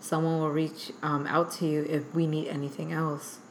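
Low-voiced young woman telling a story. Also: level tone, moderate pace, a little hiss or hum. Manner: rambling, lots of filler "like". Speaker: guest artist. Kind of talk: animated storytelling in casual chat. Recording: echoey room.

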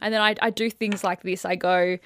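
A woman's voice: mid-range voice, brisk. A woman co-hosting a podcast, telling a true-crime case in casual chat and now and then putting on a news-reader delivery. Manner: animated storyteller, slips into a crisp news-reader delivery. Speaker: podcast co-host.

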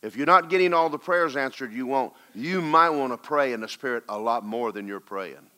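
In a sermon featuring a personal story, a medium-pitched, expressive pastor speaks at a moderate pace. He alternates between urgent, loud exhortation and quiet, hushed retelling.

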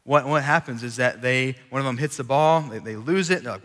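Brief: preacher, casual sermon, bright tone, big hall reverb. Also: male voice, medium pitch, a little fast. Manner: animated, chatty, audience-engaging. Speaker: college ministry preacher. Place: large church hall. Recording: long reverb in a large hall.

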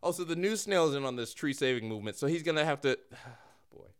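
A man's voice: fairly high pitch, expressive, a little fast, smooth. A man co-hosting a comedic podcast in a casual chat, sounding exasperated as he tries to keep the show on track. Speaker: podcast co-host.

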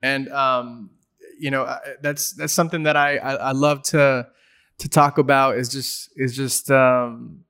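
A man's voice: mid-range voice, steady tone, measured pace, pushed and bright, smooth. A man hosting a casual interview, encouraging his guest and often repeating words while searching for the next phrase. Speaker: interviewer host.

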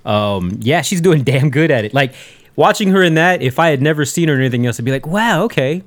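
A man's voice: mid-range voice, animated, quick pace, no room sound. A man co-hosting a podcast in casual chat, laid-back and swearing a lot. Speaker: podcast co-host.

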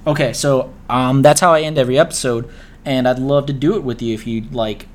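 A man's voice: medium pitch, steady tone, fairly quick, slight background noise. A man hosting a casual podcast chat, laid-back, laughing easily and swearing casually. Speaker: podcast host.

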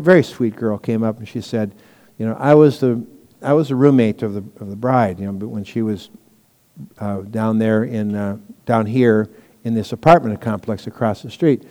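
A man's voice: medium pitch, warm tone, in a large hall. A man preaching a sermon as pastor, teaching in a conversational way with stories and asides.

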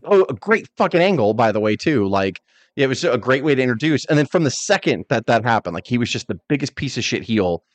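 A man's voice: medium pitch, fairly quick, no echo. Southern guy on a podcast, cusses a ton, gets all worked up, dry close sound. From American South. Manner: profane, excitable, acts out quotes. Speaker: podcast co-host. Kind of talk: casual chat.

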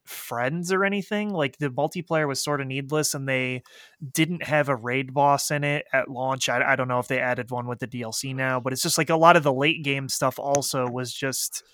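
A man chatting casually about video games. He talks quickly, with lots of fillers and restarts. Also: medium pitch, pushed and bright, no echo, studio quality. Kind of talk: casual chat.

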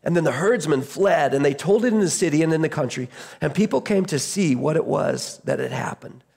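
A man's voice: on the high side, animated, fairly quick, creaky, a little mellow, breathy edge. A man preaching a sermon as pastor, retelling a scripture story in a conversational way, often restarting his phrases.

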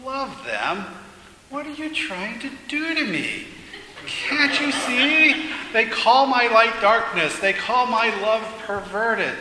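A man's voice: fairly high pitch, very animated, slow, voice pushed up. A man reading aloud as an anguished man pleading with God, his voice raised and strained. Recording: echoey hall with faint noise.

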